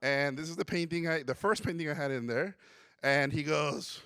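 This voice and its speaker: Guy from mexico doing a conference keynote, animated storyteller, dry sound, bit higher voice. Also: fairly quick, smooth, no room sound. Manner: animated storyteller who acts out quotes. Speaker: conference speaker. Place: conference hall.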